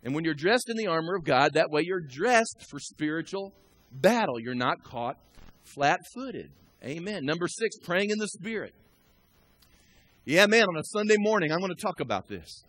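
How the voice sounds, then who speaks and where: Male pastor in church: high voice, chatty sermon with questions to the room, swells to loud emphatic preaching. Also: big pitch swings, moderate pace, slightly rough, no echo. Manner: conversational, asks the congregation questions, builds to loud emphatic preaching. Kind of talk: live sermon. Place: church sanctuary.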